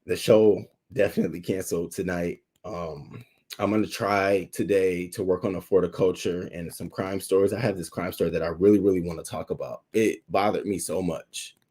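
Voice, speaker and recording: A man's voice: low voice, steady tone, brisk, mellow, slightly rough. A young adult man hosting a livestream, talking candidly and emotionally to his chat, holding back tears and thanking viewers by name. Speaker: YouTube livestream host.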